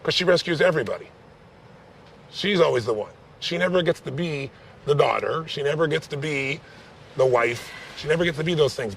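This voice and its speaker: A man leading a live coaching session, intense and direct, pressing with quick questions. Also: medium pitch, fairly bright tone, slight background noise. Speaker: life coach on stage.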